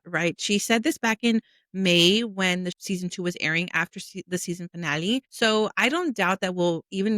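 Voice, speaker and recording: A woman's voice: medium pitch, a bit bright, dry recording. Dry-voiced woman hosting a commentary show. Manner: chatty, addressing viewers directly. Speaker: host. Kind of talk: casual commentary.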